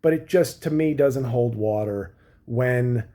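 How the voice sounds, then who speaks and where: A man, a comedian, delivering a sarcastic political commentary rant with mocking asides and animated bursts of emphasis. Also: medium pitch, slow.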